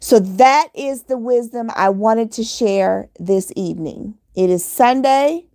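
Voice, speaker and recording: A woman's voice: a little high, slow, hardly any pauses, darkish tone, dry recording, studio quality. A woman giving an earnest motivational monologue, repeating her key points in a preachy, exhorting way. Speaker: motivational vlogger.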